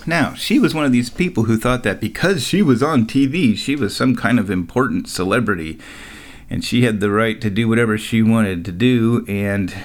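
A middle-aged man rambles through a casual solo monologue at an ordinary mid pitch. He keeps chuckling at his own tales and drops dry, sarcastic asides along the way. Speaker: vlogger.

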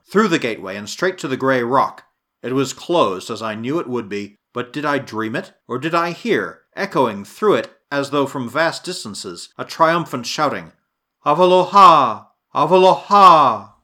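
A man narrating an adventure story in a dramatic, expressive reading style. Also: medium pitch. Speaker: audiobook narrator. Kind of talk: scripted narration.

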